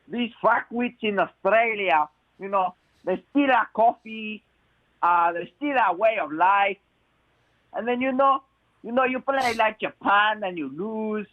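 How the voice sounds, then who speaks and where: A man's voice: high voice, dry recording. A man doing a put-on Italian accent, playing a brash, swearing football fan who rants with lots of "you know". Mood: ranting. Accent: mock Italian, put on. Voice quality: sweary ranting with halting "you know" fillers. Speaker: caller. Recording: phone-line voice message.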